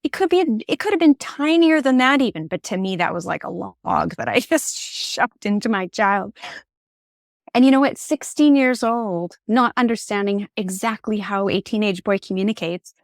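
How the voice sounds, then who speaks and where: Middle-aged woman telling stories on a podcast, animated and open, dry close mic. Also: mid-range voice, normal speed, creaky, no room sound. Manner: animated, expressive, candid. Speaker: podcast guest. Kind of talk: conversational storytelling. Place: podcast conversation.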